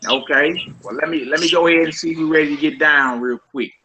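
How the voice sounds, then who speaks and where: A man teaching a casual group Hebrew lesson over a voice call, quizzing his students in a relaxed, conversational way. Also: on the high side, brisk, lo-fi sound, a loud crowd.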